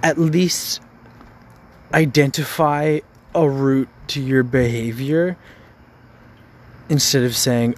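A man of middle pitch pours out an angry, frustrated rant. He swears often and stumbles over repeated words as he pushes on. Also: steady tone, slow pace, pauses often, a little hiss or hum. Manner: frustrated, profane, stammering repeats.

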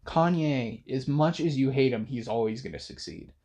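A man's voice: medium pitch, moderate pace, a little mellow. A young man hosting a late-night monologue, rambling casually with many fillers and restarts. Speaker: podcast host.

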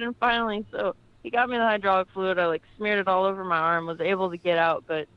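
A woman, an army veteran, telling a lively story as a podcast guest and jumping into a high yelp when she quotes herself. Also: fairly quick, clear, resonant tone, no echo, lo-fi sound. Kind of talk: casual anecdote on a podcast.

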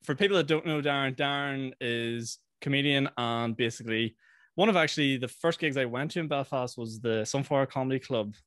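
A man's voice: mid-range voice, a little fast, a bit bright, no room sound, clean studio sound. A young man with a Northern Irish accent hosting a podcast, asking easygoing questions and laughing often. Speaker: podcast host. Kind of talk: casual podcast chat.

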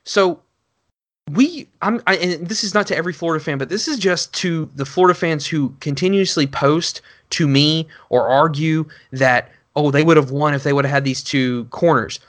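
A man co-hosting a casual sports podcast, talking in a rambling way with lots of restarts and building into animated rants. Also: on the high side, moderate pace, hardly any pauses. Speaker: podcast co-host.

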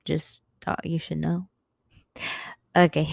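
Young woman, solo podcast host, giggly and scatterbrained, unhurried delivery. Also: deep voice, steady tone, gravelly, a little mellow, no echo. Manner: giggly, rambling, loses her train of thought. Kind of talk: casual solo podcast chat.

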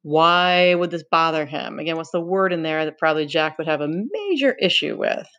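A woman's voice: deep voice, normal speed. Woman teacher reading a novel aloud. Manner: steady narration, explanatory asides to students.

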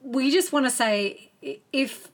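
A woman's voice: high-pitched, a little slow. A woman co-hosting a podcast in casual group chat, blunt and laughing often, swearing freely. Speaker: podcast co-host.

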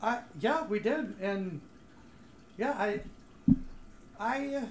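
A woman's voice: medium pitch, slow pace. A woman co-hosting a podcast in casual chat, talking hesitantly with many restarts. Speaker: podcast co-host. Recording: echoey room with faint noise.

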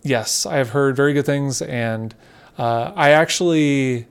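Creaky-voiced man chatting casually. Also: medium pitch, a little slow. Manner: relaxed, conversational, loosely descriptive. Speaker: podcast co-host. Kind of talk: casual podcast chat.

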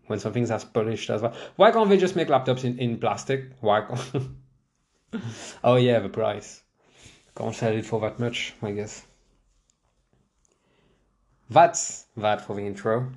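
A man's voice: mid-range voice, fairly even intonation, unhurried, long pauses, a little mellow. A young man hosting his own podcast, rambling casually and mocking himself as he talks from a chair at home. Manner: rambling, self-mocking, many restarts and laughs. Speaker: podcast host. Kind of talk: casual solo podcast chat. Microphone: desk microphone, seated in a chair.

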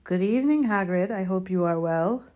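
A woman's voice: mid-range voice, animated, moderate pace, darkish tone, muffled recording, natural voice. Bane, a woman voicing an aloof wild centaur.

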